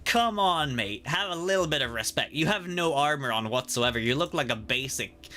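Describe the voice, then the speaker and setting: A man's voice: mid-range voice, fairly quick, pushed and bright. A man streaming a game playthrough, reading every character's dialogue aloud and joking between lines. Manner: jokey, laughs often, reads every character's lines. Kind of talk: casual playthrough with voiced reading.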